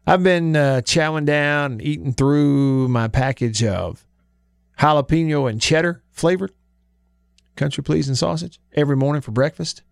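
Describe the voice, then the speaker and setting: A man hosting a sports radio show, chatting in a folksy, easygoing way with drawn-out emphasis. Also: on the high side, vocal fry, clear, resonant tone, no echo, clean studio sound. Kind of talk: casual sports talk radio. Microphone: studio microphone.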